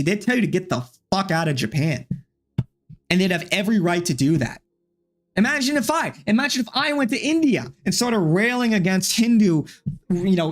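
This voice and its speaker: Man streaming, fired-up rant, frequent swearing, slightly high voice, faint music behind. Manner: heated, frustrated, profane. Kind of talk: livestream commentary rant.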